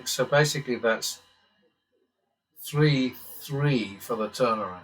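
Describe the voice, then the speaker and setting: Male host, casual, mutters through the math with dry asides and the odd curse; mid-pitched voice. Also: takes it slowly, low-quality recording. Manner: muttering calculations, occasional swearing, wry asides. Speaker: blackjack strategy channel host. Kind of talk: casual commentary while playing simulated blackjack.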